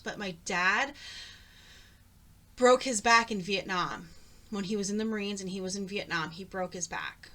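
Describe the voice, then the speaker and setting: A woman's voice: medium pitch, sharp tone. A middle-aged woman talking casually at home, chatty and rambling, drifting off on tangents. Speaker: craft vlogger. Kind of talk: casual chat.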